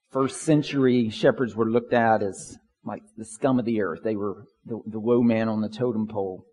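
A man's voice: medium pitch, a little mellow, big-room sound. A man preaching a sermon as pastor, earnest and building in intensity through long lists. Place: church sanctuary.

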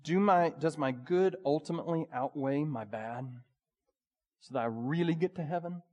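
A male pastor preaching a sermon, swinging between urgent pleading and hushed, quiet passages. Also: on the high side, moderate pace. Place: church sanctuary. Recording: long hall reverb.

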